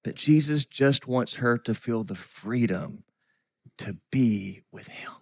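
A middle-aged man preaching a sermon as a pastor, earnest, often sinking to a soft whisper. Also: mid-range voice, slow pace, dry recording, clean studio sound. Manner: earnest, drops to soft whispers for quoted grief.

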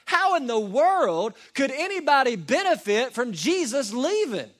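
A man preaching a sermon, animated and folksy, swinging from loud emphatic peaks to quiet asides. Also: very high voice, unhurried. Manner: preaches verse by verse, folksy and conversational. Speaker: pastor.

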